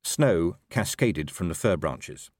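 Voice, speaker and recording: Low, lively male audiobook narrator. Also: slow pace, dry recording, studio quality. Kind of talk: scripted narration.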